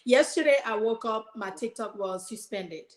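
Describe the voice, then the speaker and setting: A woman's voice: on the high side, moderate pace, roomy sound. A woman guest on a podcast, telling a personal story earnestly and animatedly, quoting her own prayers.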